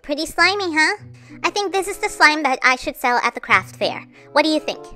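A woman's voice: high-pitched, animated, a little fast, sharp tone, soft background music. Woman doing a kind, cheerful girl doll. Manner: soothing, reassuring.

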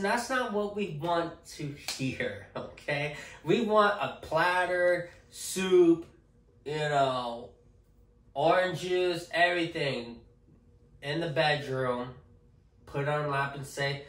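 This vlogger, a man with a voice on the high side, chats to camera slowly and expressively, joking and rambling and often ending lines with "okay." He's off-mic in an echoey room, so he sounds distant.

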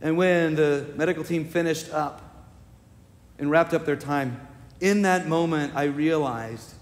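A male pastor preaching a sermon, telling a personal story with deep emotion and building to emphatic, repeated declarations. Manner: slow, emotional storytelling with swelling emphatic repetition. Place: church sanctuary. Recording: long reverb of a church sanctuary.

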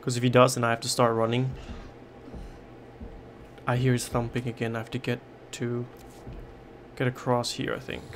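Against a noisy background, a man with a monotone, mid-range voice talks at normal speed and pauses often. He's a gaming YouTuber whose horror-game commentary is jittery and full of swearing, with repetition when he gets frightened.

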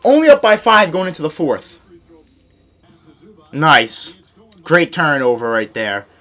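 A young man with a high, light voice narrates his basketball video game as he plays it. He is excitable and yells at the big plays. He scolds his teammates and pokes fun at his own mistakes. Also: takes it slowly. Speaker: gaming YouTuber. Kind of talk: live gameplay commentary.

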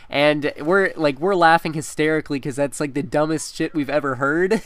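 Chatty young man with a crisp voice. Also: a little high, moderate pace, fairly bright tone, dry recording. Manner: chatty, laughing, many fillers. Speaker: gaming commentator. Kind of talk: casual storytelling over gameplay.

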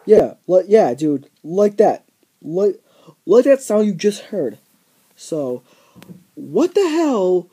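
A man's voice: high-pitched, big pitch swings, takes it slowly, long pauses, dark tone, husky. A teenage boy ranting casually on his vlog, profane and rambling, full of filler words. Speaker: vlogger.

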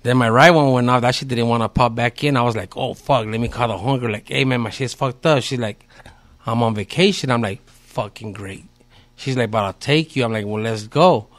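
A man's voice: medium pitch, a little fast. A man, a podcast guest telling a story in a laid-back, slangy way with heavy swearing. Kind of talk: casual storytelling.

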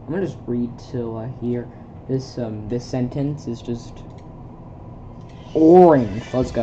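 Low, slow deadpan woman reading a script. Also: highs cut off, faint music behind. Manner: stumbling deadpan reading, bursts of shouted lines. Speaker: amateur reading a film script aloud. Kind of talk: casual comedic script reading. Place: home with a pet dog.

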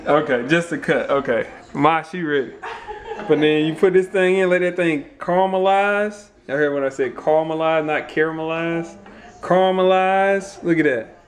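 A young man hosting a home vlog in his kitchen, joking in a playful, animated way. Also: on the high side, fairly quick. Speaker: vlogger, expectant father.

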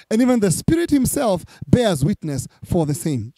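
A man's voice: fairly high pitch, big pitch swings, moderate pace, few pauses, dark tone, dry recording. A man preaching a sermon, reading scripture aloud and repeating key phrases for emphasis. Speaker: pastor.

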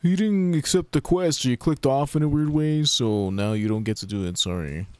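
A man's voice: medium pitch, normal speed, clear, resonant tone, no echo, pitched above the performer's own voice, natural voice. A man putting on a mocking, sing-song voice for a dismissive game quest system.

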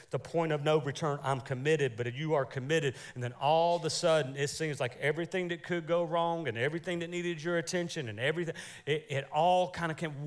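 A man preaching a lively, joking sermon in church as pastor, calling out for amens. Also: mid-range voice. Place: church sanctuary.

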